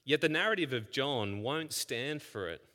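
A man preaching a sermon as pastor, firing rhetorical questions and moving between hushed scripture reading and loud emphasis. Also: mid-range voice, lively intonation, moderate pace. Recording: long hall reverb.

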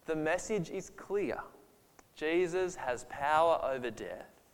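A man delivers a sermon in an earnest, emphatic way and pushes his voice up on the dramatic points. His voice sits a little high for a man. Long reverb trails after each phrase, as in a large hall. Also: lively intonation, takes it slowly. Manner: earnest and emphatic, voice rising when describing Jesus' anger. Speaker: preacher. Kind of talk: sermon on a Bible passage.

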